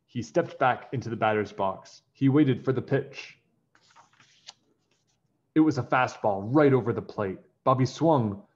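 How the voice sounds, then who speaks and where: A man reading a children's picture book aloud in an animated storytelling way. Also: lowish voice, dull audio.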